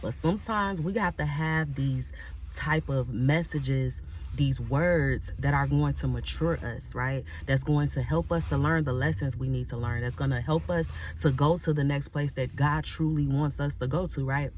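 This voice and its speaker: A woman's voice: deep voice, normal speed, a little mellow, slight background noise. Woman, Christian life coach; emphatic, repetitive motivational preaching, talks straight to her audience. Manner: emphatic, repeats phrases, frequent tag "right?"; addresses audience directly and casually.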